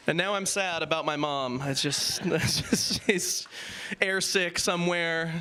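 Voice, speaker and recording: A man doing improvised stand-up comedy, riffing quickly and self-deprecatingly with the crowd on audience-suggested topics. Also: a little high, pushed and bright, a little hiss or hum.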